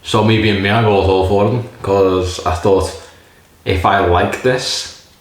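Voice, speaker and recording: A man's voice: on the low side, steady tone, a little slow. A man casually reviewing a beer in a rambling, jokey way, swearing often. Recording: very echoey room.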